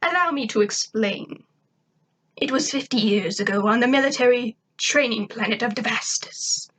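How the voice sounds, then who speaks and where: A woman's voice: a little high, moderate pace, a bit bright, breathy edge, poor audio. A woman voicing a scheming female alien soldier who speaks coldly and with scorn. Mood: scornful. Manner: cold, scornful.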